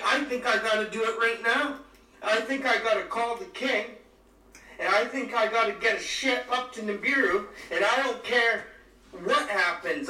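A man's voice: high-pitched, pushed and bright. British man in a theatrical mock rant. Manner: over-the-top faux outrage, theatrical. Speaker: podcast co-host. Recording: roomy, distant mic, faint noise.

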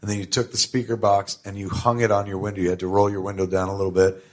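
A middle-aged man, a podcast guest, telling stories in casual conversation with lots of swearing and animated asides. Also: lowish voice, fast. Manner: animated, profane storytelling.

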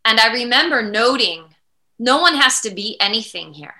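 A woman guest in a conversational interview, reflective and animated, sometimes acting out inner voices. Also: fairly high pitch, moderate pace, echoey room, slight background noise, poor audio. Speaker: podcast guest.

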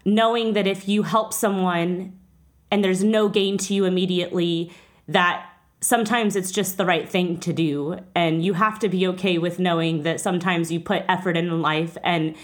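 A woman's voice: fairly low pitch, steady tone, moderate pace. A woman hosting a casual interview, talking earnestly and getting emotional at times. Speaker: podcast host.

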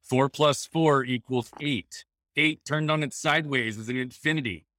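A man's voice: medium pitch, normal speed, a bit bright. A man guest on a podcast, speaking earnestly in an uplifting, motivational way. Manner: earnest, inspirational phrasing. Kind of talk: casual chat.

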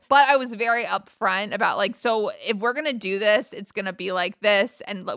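A woman in her thirties talking in a casual chat. She sounds bright and forceful, with a dry, close sound, and she keeps the talk lively and candid with frequent laughs. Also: medium pitch, dry recording. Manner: candid, laughing, animated storytelling.

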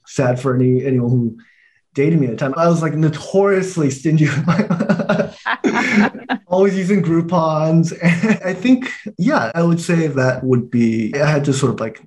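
Thirties man from Taiwan, podcast guest, relaxed chatter with frequent laughs. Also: a little high, normal speed. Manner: relaxed, laughs often, many "like" fillers. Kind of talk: casual conversation.

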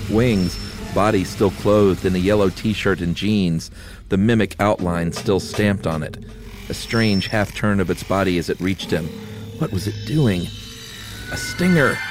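A man reading a story aloud in steady, measured narration. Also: sits low, background noise. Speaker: story reader.

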